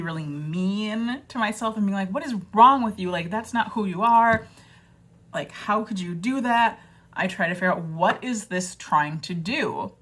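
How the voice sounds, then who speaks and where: This woman's voice is lowish and a bit bright. She's a vlogger talking casually to camera in a self-deprecating way, meandering with fillers and restarts and sometimes putting on quoted voices.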